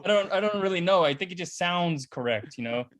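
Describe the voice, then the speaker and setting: Halting man explaining slang. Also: sits high, lively intonation, a bit bright. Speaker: band member. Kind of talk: casual chat.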